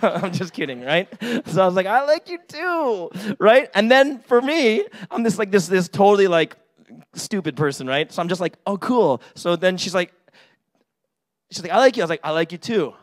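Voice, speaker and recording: A man's voice: sits high, very animated, moderate pace. A man in his forties giving a casual sermon with personal stories, chatty and full of "right?" asides. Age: 40s. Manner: chatty, many fillers and "right?" asides, acts out quotes. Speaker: pastor.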